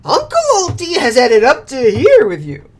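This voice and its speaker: A woman's voice: high-pitched, huge pitch swings, moderate pace, breathy edge, pitched above the performer's own voice, exaggerated voice. A woman voicing a boastful, scheming male octopus villain in a game, taunting theatrically. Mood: gloating.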